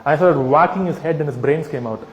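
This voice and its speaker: A man giving a humorous, persuasive talk to a live audience, animated and teasing, asking rhetorical questions. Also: on the high side, brisk. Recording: echoey hall with long reverb.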